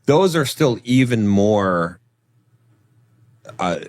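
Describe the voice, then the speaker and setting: A man's voice: on the low side, lively intonation, drawn-out words, a little mellow, dry recording. A man co-hosting a podcast, talking casually about relationships, often repeating words and checking in with "right?". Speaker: podcast co-host.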